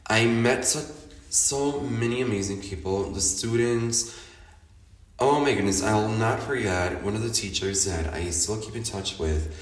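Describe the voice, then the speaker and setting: This podcast host is a Chicago man with a Chicago accent and a fairly low voice, speaking at a measured pace. In a casual personal monologue about his life, he's chatty and expressive, laughing often and acting out what he said in theatrical quoted asides. The recording has a roomy echo, with him somewhat distant from the mic.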